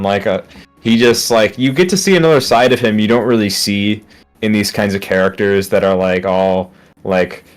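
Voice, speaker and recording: Low-voiced rambling male podcast co-host. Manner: rambling, heavy fillers like 'like' and 'um'. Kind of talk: casual chat.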